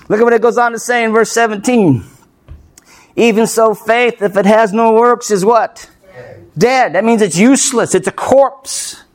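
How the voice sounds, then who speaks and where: A male pastor preaching an expository sermon, emphatic and punchy, firing off rhetorical questions and tossing in playful asides. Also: sits high. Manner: playful asides with light laughs.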